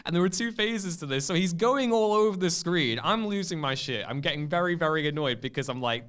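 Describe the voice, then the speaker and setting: A young man on a casual podcast, talking in a smooth, clear voice. He tells his stories with energy and acts out the scenes as he goes. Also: on the high side, a little fast, hardly any pauses. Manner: animated storyteller who acts out scenes. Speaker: podcast co-host. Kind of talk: casual chat.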